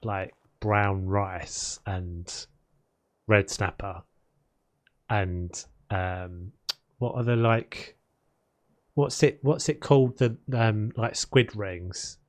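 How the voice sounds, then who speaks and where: Man, lowish pitch, game streamer, casual rambling chat. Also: very slow. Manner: rambling, chatty, talks while building in game. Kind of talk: casual chat while playing.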